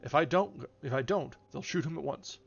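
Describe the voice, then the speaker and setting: A man voicing a young male artist who speaks briskly and curtly. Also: a little high, vocal fry, breathy edge. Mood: angry. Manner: brisk, curt. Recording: slightly dull, faint music behind.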